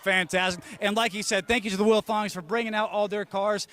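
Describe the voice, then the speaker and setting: A man's voice: high-pitched, fairly even intonation, brisk, pushed and bright. A man speaking as a driver after a race at an outdoor speedway, casual and hyped, with many fillers. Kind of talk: post-race interview and crowd address.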